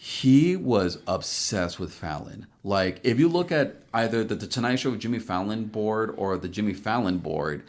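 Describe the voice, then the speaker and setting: A man's voice: on the low side, lively intonation, moderate pace, few pauses. A man co-hosting a podcast, telling rambling stories in a loose, casual chat full of fillers. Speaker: podcast co-host.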